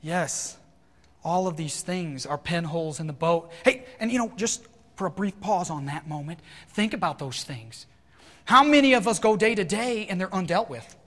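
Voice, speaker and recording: Animated high-voiced male preacher. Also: normal speed, in a large hall. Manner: animated, acts out worried inner voices. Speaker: pastor. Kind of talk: sermon.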